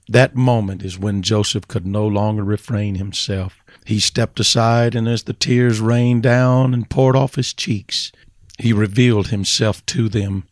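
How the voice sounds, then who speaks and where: Low-voiced guy preaching hard, fervent sermon, dry close sound. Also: no room sound. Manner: fervent preaching, builds to impassioned climaxes.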